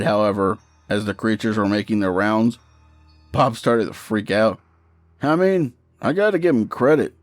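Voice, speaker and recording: A man's voice: on the low side, no room sound. A man reading a first-person horror story in a matter-of-fact, profane storytelling manner.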